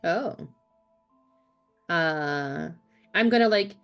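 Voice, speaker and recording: A woman playing a tabletop game in casual chat, playful and quick to laugh. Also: on the low side, expressive, smooth, soft background music. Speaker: player.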